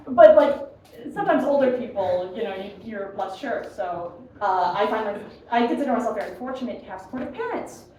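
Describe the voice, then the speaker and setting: Her voice is on the high side and expressive, a little slow, as this young American comic works a live club crowd with self-deprecating, chatty material. She frequently cracks up at her own jokes, and the sound is echoey, noisy, and distant-miked.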